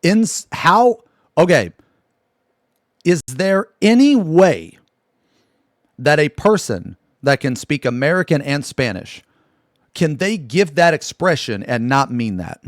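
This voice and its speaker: A man's voice: fairly high pitch, sing-song, slow, pauses often, no echo, clean studio sound. A man streaming live, telling a story to his chat in a rambling, profane way, full of restarts and asides.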